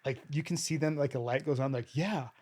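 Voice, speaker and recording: A man's voice: medium pitch, fairly even intonation, quick pace, warm tone. Earnest podcast host guy, mid voice, tells stories, keeps restarting sentences. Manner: earnest, storytelling, self-interrupting. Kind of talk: casual podcast discussion.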